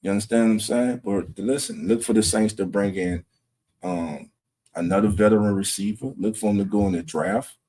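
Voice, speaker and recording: Low-voiced New sports host. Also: male voice, normal speed, warm tone. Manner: talking low and keeping it down; greets chat viewers by name. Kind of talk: casual late-night livestream chat. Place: home room at night with wife resting nearby.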